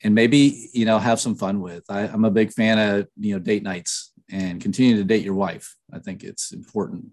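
A middle-aged man talking earnestly in an interview, slightly nasal, pausing often with fillers and restarts. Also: on the low side, fairly even intonation, darkish tone. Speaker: podcast guest, author. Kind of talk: casual interview talk.

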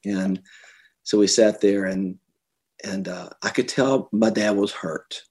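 A middle-aged man with a low voice talks through personal stories as an interview guest. He speaks earnestly, with restarts, and lifts his voice when acting out quotes. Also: slow, husky. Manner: earnest storyteller, animated when quoting others. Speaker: author and guest. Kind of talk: conversational interview.

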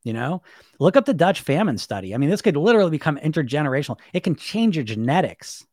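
A man coaches on weight loss in a casual live stream, talking animatedly and acting out the voices in people's heads with shifting tones. His voice is fairly high and fast. The recording is dry, with clean studio sound.

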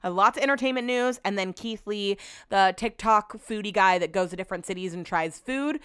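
A woman's voice: medium pitch, fairly quick, fairly bright tone, clean tone, dry recording, clean studio sound. A young adult woman hosting her own podcast from home, ranting candidly and swearing often. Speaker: podcast host. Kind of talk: solo podcast chat.

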